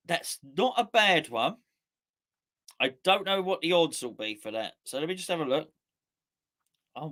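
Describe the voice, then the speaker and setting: Bright, chatty man hosting. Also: a little high. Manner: rambling, chatty, correcting himself often. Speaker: host. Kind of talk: casual live-stream chat.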